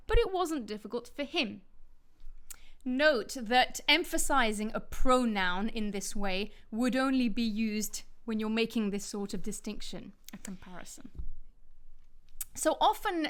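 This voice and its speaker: A woman teaching English pronunciation in a scripted lesson, stressing words deliberately to demonstrate. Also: sits high, fairly bright tone.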